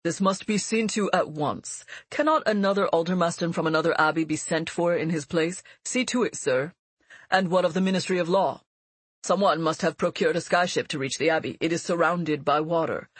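A woman's voice: on the low side, brisk, slightly rough, no echo. Woman doing a demanding angry prince regent. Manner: demanding, curt. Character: commanding, angry male prince regent father.

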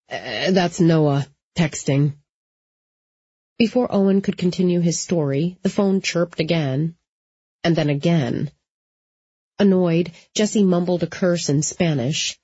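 A woman reads a first-person novel in a measured, steady voice. Her voice is husky and mellow. The recording is dry and a little dull. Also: on the low side, no echo. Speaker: audiobook narrator.

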